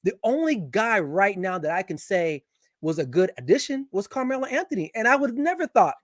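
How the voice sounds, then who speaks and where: A man guesting on a sports show, giving strong opinions in casual, animated chat, often restarting his sentences. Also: sits high, brisk, no echo, clean studio sound.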